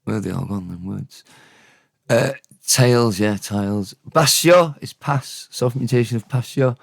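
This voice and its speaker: A man with a Welsh accent giving a casual spoken language lesson, unhurried and thinking aloud, often correcting himself. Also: mid-range voice, creaky, no echo, studio quality.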